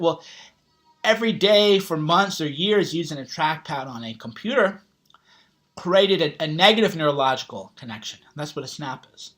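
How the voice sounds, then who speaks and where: A man's voice: fairly high pitch, animated, moderate pace, fairly bright tone. A man giving a blunt motivational talk, swearing often and tossing in "right?" as he rambles through his points. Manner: blunt, heavy swearing, casual slang; rambling, with frequent "right?" asides. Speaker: self-help author and vlogger.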